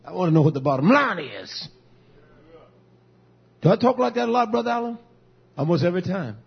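A pastor preaches in a husky, high-pitched voice, his pitch leaping up and down as he tells stories and acts out both sides of conversations. The recording is dull and lo-fi. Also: a little fast. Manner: lively, storytelling, quoting others in conversation. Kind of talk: sermon.

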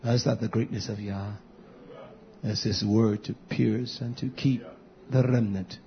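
A man preaching a sermon to his congregation, repeating phrases and building to loud, high emphatic peaks. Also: fairly even intonation, measured pace, gravelly, a little hiss or hum. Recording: dull lo-fi recording.

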